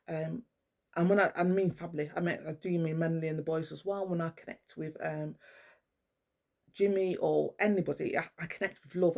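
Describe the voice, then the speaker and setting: Gravelly, husky middle-aged woman. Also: lowish voice, a little mellow. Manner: rambling, swears often, many fillers and restarts. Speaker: spiritual vlogger. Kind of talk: casual rambling monologue. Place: at home indoors with a cat.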